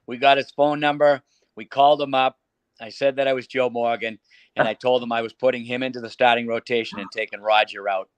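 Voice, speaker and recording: A man's voice: mid-range voice, a little fast, clean tone, dry recording. Boston man telling prank-call stories. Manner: animated anecdote teller who slips into put-on voices. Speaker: guest; radio entertainer and prank caller. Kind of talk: storytelling in a casual interview.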